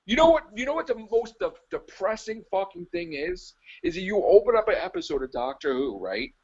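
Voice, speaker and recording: High, animated, gravelly ranting man. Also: fairly quick, dull audio. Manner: profane, exasperated, mocking. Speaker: podcast co-host. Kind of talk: ranting casual chat.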